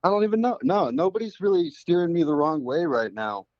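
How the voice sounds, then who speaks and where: Male caller, unsure and halting, dry muffled phone-in sound. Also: a little high, very animated, dry recording. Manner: hesitant, stammering restarts. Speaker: caller, fellow comedian. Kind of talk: casual phone-in chat.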